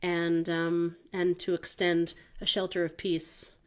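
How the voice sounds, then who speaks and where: A woman musician talks softly and reflectively between songs, pausing often with ums. Her voice sits a little low for a woman. She speaks from outdoors in the woods. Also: level tone, clear, resonant tone. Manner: soft, reflective, with many ums. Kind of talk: casual spoken introduction between songs.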